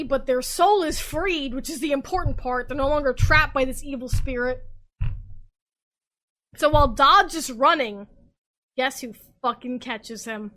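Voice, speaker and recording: A young woman podcast host, drunk, rambling excitably and swearing as she recaps a story in casual chat. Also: high voice.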